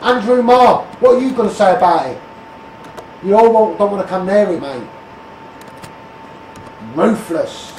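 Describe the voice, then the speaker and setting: A man's voice: sits high, expressive, unhurried, long pauses, a little mellow, slight background noise. A man with a Scouse accent delivering a blunt, repetitive political rant, calling people out by name and asking what they will do about it. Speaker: street campaigner. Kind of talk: ranting political monologue. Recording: roomy sound from a distance.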